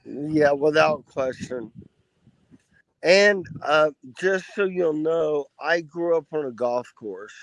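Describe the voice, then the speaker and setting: A man's voice: on the high side, animated, takes it slowly, no room sound, rough recording. A middle-aged man, a podcast guest, telling laid-back, profane stories in casual conversation. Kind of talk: casual storytelling.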